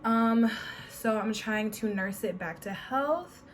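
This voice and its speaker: A woman's voice: fairly high pitch, slow pace, a little hiss or hum. A young adult woman chatting casually in a home beauty vlog, bubbly and sprinkling her talk with playful catchphrases. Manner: bubbly, peppers talk with "honey" and "period". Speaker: beauty vlogger.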